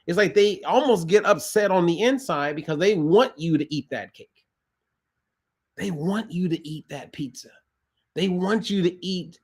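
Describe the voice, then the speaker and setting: A man talking to camera as a nutrition coach in a casual, emphatic way, often repeating phrases for emphasis. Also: a little high. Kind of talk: casual direct-to-camera talk.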